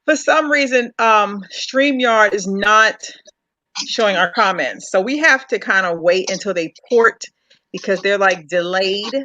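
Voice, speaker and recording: A woman hosts a casual live-streamed chat in a bright, forceful voice. She drives her points home by repeating words. The stream audio is a little dull and lo-fi. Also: mid-range voice, a little slow, no room sound. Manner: emphatic, repeats words when stressing a point. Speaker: live show host.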